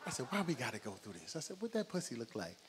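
Very noisy audio with big-room sound captures a middle-aged New Jersey stand-up comedian on a club stage with an audience. Speaking fast in a mid-range voice, he tells his stories animatedly, acting out both sides of every exchange.

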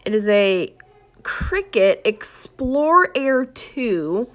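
Slow-talking excitable woman. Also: on the high side. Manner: excitable, showing things off. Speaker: vlogger. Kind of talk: casual home vlog. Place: indoors at home.

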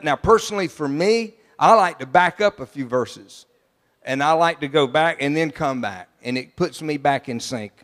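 An older man preaches in a high voice, driving his points home. He drops to quiet asides, then rises to loud declarations. A long reverb trails his words through the sanctuary. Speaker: pastor. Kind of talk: sermon. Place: large church sanctuary. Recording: long church hall reverb.

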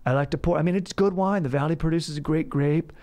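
A man's voice: fairly high pitch, fast talker, darkish tone, close to an everyday voice. A man voicing a drunk, wistful middle-aged wine pourer who pities himself. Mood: mopey. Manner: mopey, self-pitying.

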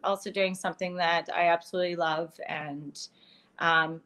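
A woman from Canada in her thirties, a guest in a casual interview, talking candidly with many pauses and fillers. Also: lowish voice, steady tone, a bit bright. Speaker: guest, curler.

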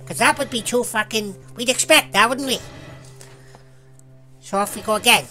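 A woman's voice: fairly high pitch, normal speed, sharp tone, faint music behind. A woman giving sweary, jumpy commentary over a horror game, laughing at the scares. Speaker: let's play gamer.

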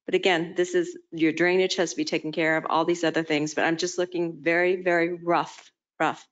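A woman with a lowish voice answers the board tentatively, hedging every figure she gives. She speaks in a municipal meeting room. The audio is slightly muffled. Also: flat delivery, brisk. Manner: tentative, qualifies her estimate. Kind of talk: impromptu technical answer.

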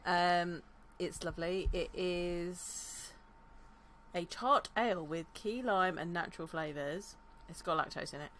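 A woman's voice: fairly low pitch, fairly bright tone, slight background noise. A woman co-hosting a podcast, easygoing and casual in her chat. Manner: easygoing, quick reactions. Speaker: podcast co-host.

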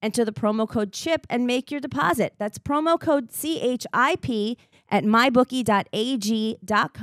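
A woman reads a sponsor spot with upbeat energy, stumbling a little as she goes. Her voice sits a bit high. The sound is dry and close. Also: normal speed, no echo. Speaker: co-host reading an ad. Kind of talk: ad read.

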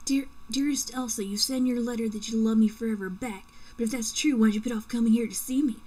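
A woman's voice: a little high, fairly even intonation, fast, dark tone, slightly rough, poor audio. A woman reading aloud the love letters of a possessive young man, with mock drama.

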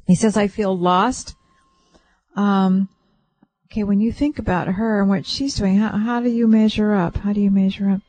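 Soothing woman with a mellow voice. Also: medium pitch, normal speed, no room sound, low-quality recording. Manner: gentle, reassuring, relays what she senses in layers. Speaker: psychic radio host. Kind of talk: soothing call-in reading. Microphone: radio studio mic.

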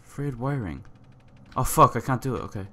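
A man giving let's-play commentary, excitable and swearing often as he reads on-screen text aloud. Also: medium pitch, normal speed. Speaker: gamer playing a survival game.

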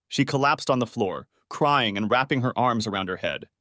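A man reading a first-person story aloud in a steady, even manner. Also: mid-range voice, moderate pace, no echo, studio quality. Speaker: audiobook narrator.

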